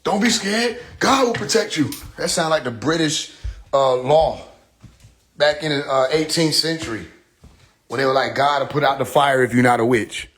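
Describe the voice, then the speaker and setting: A man rants casually into his phone during a livestream, voice at an ordinary middle pitch. He talks loose and animated, swears freely and keeps cracking himself up at his own jokes. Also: moderate pace. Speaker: live streamer.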